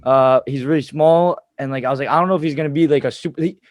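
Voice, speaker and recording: A man's voice: a little high, fast, no echo, highs cut off. A young man co-hosting a sports podcast, hesitant and stammering, defending his team. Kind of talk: casual sports chat.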